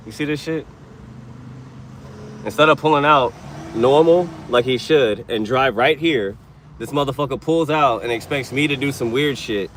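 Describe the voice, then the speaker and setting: Profane, fired-up young delivery driver. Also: male voice, medium pitch, moderate pace, long pauses, background noise. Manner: profane, irritated, animated ranting. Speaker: delivery driver streaming live. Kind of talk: casual livestream rant while driving. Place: inside a car on city streets.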